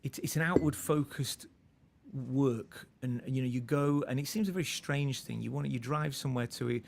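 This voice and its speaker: This comedian guest, a man in his forties, has a creaky, medium-pitched voice and speaks at a moderate pace. He rambles through a personal story in relaxed conversation, full of restarts and laughter.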